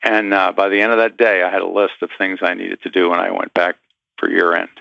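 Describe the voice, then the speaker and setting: A man's voice: low-pitched, flat delivery, a little fast, gravelly, sharp tone, dry recording, muffled recording. A man guest in an interview, telling a story with animation and acting out the voices of the people in it.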